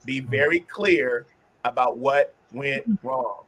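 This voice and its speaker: A man hosting a casual group discussion, talking earnestly about self-reflection and turning animated when he acts out examples. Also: medium pitch, slow, breathy edge. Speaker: host.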